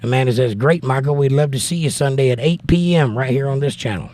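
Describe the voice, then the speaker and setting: A man's voice: mid-range voice, fast, darkish tone, dry recording. Georgia-accented man reading livestream chat. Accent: Southern US, Georgia. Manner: reads chat aloud, argues scripture plainly and bluntly.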